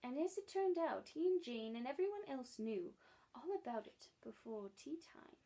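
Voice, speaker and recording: A librarian reading a children's storybook aloud, stumbling and restarting now and then, lightly voicing the characters. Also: female voice, sits high, very animated, normal speed, warm tone, rough recording. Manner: reads with frequent slips and restarts, voices characters lightly.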